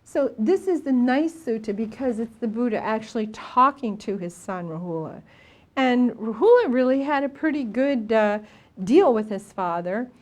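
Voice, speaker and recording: Older female Buddhist teacher, slightly high voice, anecdotal dharma talk, halting with fillers. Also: expressive, darkish tone. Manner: storytelling, with frequent fillers and restarts.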